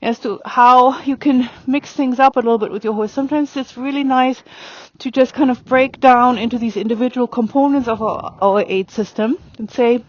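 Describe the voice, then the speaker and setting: A woman instructor talks casually while riding a horse outdoors, her voice sitting a little high. She rambles warmly through fillers and calls short commands to the horse. The sound is somewhat dull and lo-fi, as from a worn mic outdoors. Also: fairly even intonation, moderate pace, hardly any pauses. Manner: chatty, lots of fillers, gives spoken commands to a horse. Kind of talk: riding lesson demonstration.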